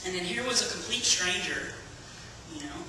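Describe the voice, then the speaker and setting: A man's voice: sits high, animated, moderate pace, noisy background. A man giving a chatty personal testimony to a church congregation, telling his story with plenty of fillers. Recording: echoey hall from far off.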